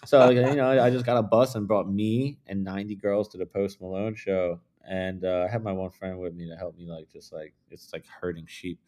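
Laid-back low-voiced man telling party stories. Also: fairly quick, hardly any pauses. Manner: loose, profane, rambling storyteller with many fillers; swings from hushed asides to loud excited bursts. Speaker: podcast guest, videographer. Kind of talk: casual storytelling chat.

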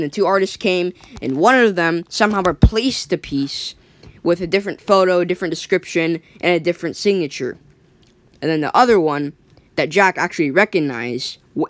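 Casual plot recap by an eager, rambling storyteller who acts out every character's line. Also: medium pitch. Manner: rambling, lots of "like" and restarts, acts out quoted lines. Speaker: storyteller retelling a cartoon episode. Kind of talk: casual excited retelling.

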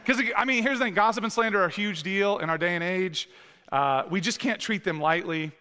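A high-pitched, fairly quick voice with a bright, forceful tone comes from a male pastor in his thirties. He preaches conversationally, with many fillers and restarts, in a church sanctuary whose long reverb makes everything echo.

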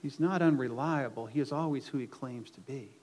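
A male pastor preaching a sermon, swinging from quiet asides to loud, emphatic outbursts and often repeating words as he restarts. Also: mid-range voice, a little fast.

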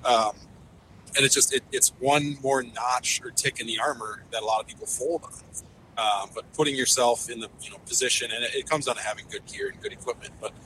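A man's voice: medium pitch, a bit bright, a little hiss or hum, low-quality recording. A man, a fishing guide, talking in a casual podcast interview, enthusiastic and rambling with lots of fillers and restarts.

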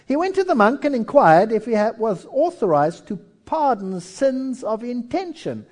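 A man's voice: very high-pitched, moderate pace. A male preacher delivering a sermon in a storytelling way, acting out voices as he tells history. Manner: storytelling, animated, acts out voices.

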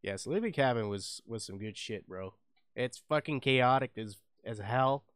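Young man, casual podcast chat, unhurried, smooth clear voice, dry sound, rambling with fillers. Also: mid-range voice, dry recording. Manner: rambling, with many fillers and restarts, swears freely. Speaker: podcast co-host.

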